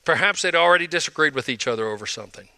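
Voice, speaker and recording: An older male pastor in his sixties preaching with an emphatic, conversational delivery. His voice sits a little high and sounds strikingly bright and forceful, and the recording is close and dry. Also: animated, very fast, creaky, dry recording. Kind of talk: sermon.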